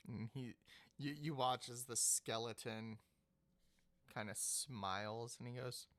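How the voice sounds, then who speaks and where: Slow, halting man game master. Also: medium pitch, fairly bright tone. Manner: slow, halting, repeats words. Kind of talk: narrating a tabletop game.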